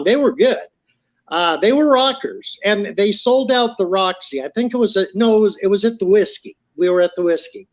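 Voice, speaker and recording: High-voiced animated man. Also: lo-fi sound. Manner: animated storyteller acting out quoted dialogue. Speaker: podcast guest. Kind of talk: casual storytelling.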